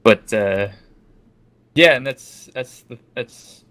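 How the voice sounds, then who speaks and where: A man's voice: medium pitch, takes it slowly, fairly bright tone. A man chatting on a podcast, explaining game rules at length with lots of filler words. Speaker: podcast co-host. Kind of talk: casual podcast chat.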